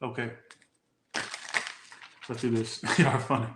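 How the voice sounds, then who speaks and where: A man's voice: medium pitch, little pitch movement, unhurried, reverberant, noisy background. A man from the Southern United States giving a casual, rambling tarot reading, often asking "all right?". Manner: chatty, rambling, says "all right?" a lot. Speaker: tarot reader.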